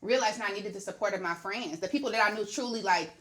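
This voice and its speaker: A woman's voice: mid-range voice, quick pace, fairly bright tone. A woman, a podcast guest telling her family story in an earnest, emotional way. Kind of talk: casual chat.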